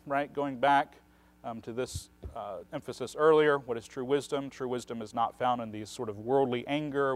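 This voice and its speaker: A man with a mid-range voice teaches on the Bible in a relaxed, conversational way, explaining things at length. He often checks in with a questioning "right?"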